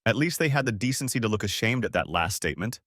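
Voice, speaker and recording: A man reading a first-person story as scripted narration, in a dramatic, expressive way. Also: fairly low pitch, fast, dry recording, studio quality.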